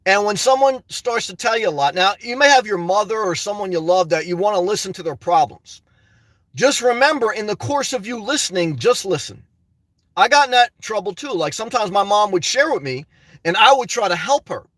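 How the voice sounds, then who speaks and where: A man's voice: sits high, animated, brisk, fairly bright tone, no echo. A man venting and telling stories to his viewers in a rambling, casual monologue, often calling them "guys.". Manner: rambling, storytelling, frequent "guys" asides and laughs. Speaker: YouTuber.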